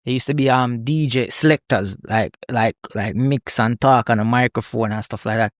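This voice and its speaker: Laughing, animated Jamaican man. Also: mid-range voice, normal speed, no room sound, studio quality. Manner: animated storyteller, laughs a lot, repeats "you know what I mean". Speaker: guest comedian. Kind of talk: podcast conversation.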